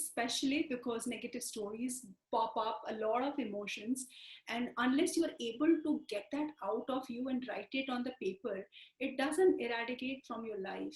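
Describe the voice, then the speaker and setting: A woman teaching a self-help exercise, repeating phrases slowly to guide the listener. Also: on the high side, echoey room, rough recording. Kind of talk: instructional self-help talk.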